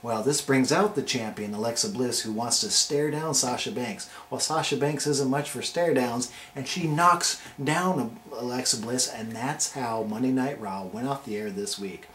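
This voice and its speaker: A man of middling pitch hosts a casual video review, pitching each name with playful hype. The room rings around his voice, with a faint hiss of noise underneath. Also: moderate pace, few pauses, fairly bright tone. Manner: hyped, playful ranking countdown delivery. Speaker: wrestling show reviewer and host. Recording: roomy echo with faint noise.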